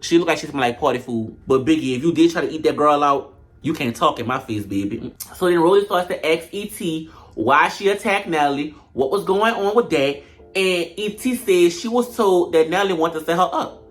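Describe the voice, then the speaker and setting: Animated woman reviewing reality TV. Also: sits low, brisk. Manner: animated, blunt, slangy trash talk. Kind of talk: casual reaction commentary.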